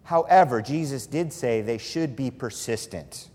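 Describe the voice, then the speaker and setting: A man preaching a sermon as a pastor, telling stories with humor and lively emphasis. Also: medium pitch, measured pace, slightly rough, long reverb tail. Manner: animated, humorous storytelling preacher.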